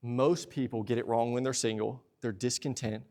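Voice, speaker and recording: A young man preaching a sermon in a church, lively and talkative, slipping into playful asides. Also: medium pitch, moderate pace. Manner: lively preaching, acts out husband and wife exchanges in asides. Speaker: pastor. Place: church sanctuary.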